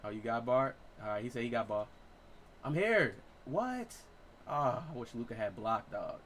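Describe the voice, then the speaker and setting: Excitable man in his late twenties, trash-talking. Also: mid-range voice, moderate pace, slight background noise. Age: 20s. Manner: excitable, profane trash talk. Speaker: gaming streamer. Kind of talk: live gameplay commentary.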